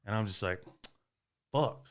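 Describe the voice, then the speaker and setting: Smooth-voiced man telling a wild story. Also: lowish voice, normal speed. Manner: profane, animated storyteller. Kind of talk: casual storytelling.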